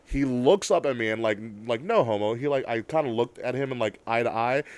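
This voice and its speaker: A young man chatting casually as a podcast co-host, telling an excited story with lots of swearing and bursts of loud laughter. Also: mid-range voice, brisk, clear, resonant tone, dry recording. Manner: excitable storyteller, swears a lot, shouts when worked up. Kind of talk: casual chat.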